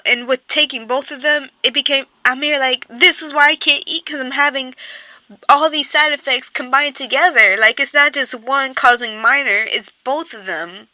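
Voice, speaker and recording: A woman's voice: on the high side, pushed and bright, no echo. A young woman telling a personal story in casual storytime chat, rambling and full of fillers. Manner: rambling, filler-heavy, with frequent "like" and "I'm here like".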